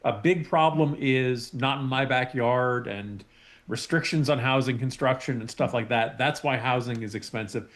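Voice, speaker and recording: Measured, analytical male commentator. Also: medium pitch. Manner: measured and analytical, hedges his points. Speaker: guest columnist and podcaster. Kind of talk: talk radio panel discussion.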